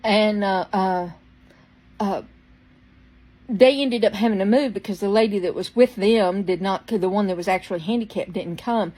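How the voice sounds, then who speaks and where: At a normal speed and in a mid-range voice, a woman vlogger rambles through a personal anecdote, full of fillers and false starts, with an occasional cough from a throat tickle. She puts on different voices for the people she quotes and whispers the gentle parts. The recording is rough.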